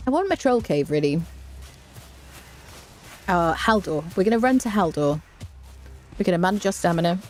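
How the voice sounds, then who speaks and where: A woman's voice: lowish voice, very animated, moderate pace, long pauses, darkish tone. A woman streaming a survival game, chatting in a jokey, jittery way and often yelping in fright. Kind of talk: live gameplay commentary.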